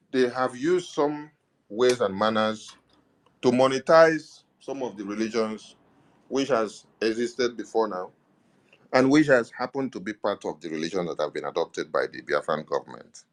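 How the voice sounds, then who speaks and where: A man with a deep, fairly bright voice and a Nigerian accent speaks as a government media minister in an impassioned political address. He drives his points home with repeated affirmations.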